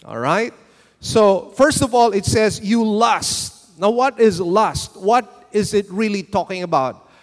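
A man with a high voice preaches slowly and deliberately, drawing out his words. His sermon rings with the long reverb of a hall. He stops to ask his listeners to answer and to read along with him. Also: expressive. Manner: slow, deliberate preaching with questions to the congregation. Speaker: pastor.

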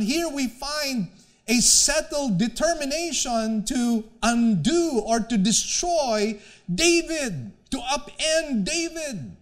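A male pastor delivers a sermon in a very high voice. He speaks at an unhurried, measured pace and leans on repetition to drive his points home. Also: animated, fairly bright tone. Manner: slow, deliberate preaching with repeated phrases.

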